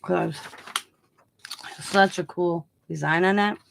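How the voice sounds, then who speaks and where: Chatty low-voiced woman crafting. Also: takes it slowly, creaky, a little hiss or hum. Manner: relaxed, chatty, chewing gum while talking. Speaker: craft channel host. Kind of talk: casual craft livestream chat.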